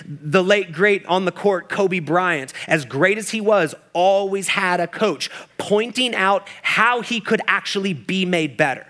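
Bright-voiced preacher delivering an impassioned sermon. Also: male voice, high-pitched, unhurried. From Kansas City, United States. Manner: impassioned preaching, voicing Jesus and inner voices in quotes. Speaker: pastor.

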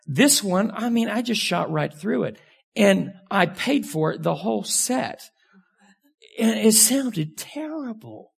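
A pastor preaching in a loose, conversational way, his voice heavy with gravel and grit. The tone runs husky and a little rough, and now and then he leaps upward in pitch for emphasis. It is a man speaking frankly to a congregation. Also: takes it slowly. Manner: conversational and candid, with sudden lively jumps in pitch. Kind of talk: sermon.

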